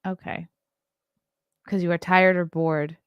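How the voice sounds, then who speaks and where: A woman's voice: lowish voice, level tone, takes it slowly, clear, resonant tone, no echo, muffled recording. A woman in her thirties hosting a casual solo livestream, chatting, reading articles aloud and reacting to them, yawning often. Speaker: host.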